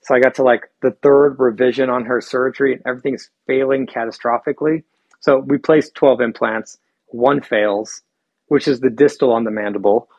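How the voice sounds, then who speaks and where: A man casually sharing lessons from surgery cases in a relaxed, reflective way. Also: medium pitch, moderate pace, vocal fry, dry recording, dull audio. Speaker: surgeon and podcast co-host. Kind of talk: casual podcast chat.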